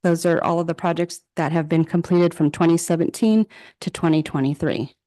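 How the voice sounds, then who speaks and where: A woman's voice: lowish voice, fairly even intonation, a little fast, mellow. A woman, a city director, giving a formal presentation at a council meeting and reading through figures and project lists steadily. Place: council chamber.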